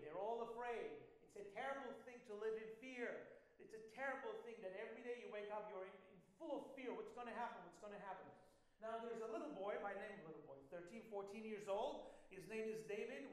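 A man delivering a sermon in a relaxed, conversational manner, with a notably high voice. His speech loops back on filler phrases, and the sound rings through a very echoey room. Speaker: preacher.

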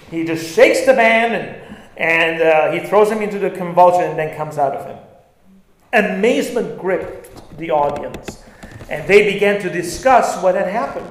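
A male pastor preaching an animated sermon, stressing lines and acting out quoted words. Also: high voice. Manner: animated, acts out quotes with bursts of emphasis. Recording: very echoey room.

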